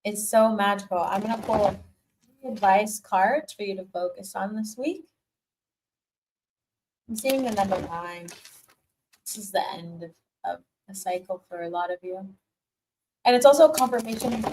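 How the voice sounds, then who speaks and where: A woman's voice: mid-range voice, moderate pace, long pauses, a little hiss or hum, rough recording. A woman giving a casual live tarot reading, speaking straight to the viewer. She laughs often, repeats her encouragement, and swears casually. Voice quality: animated, laughs often, warm encouraging repetitions. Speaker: tarot reader.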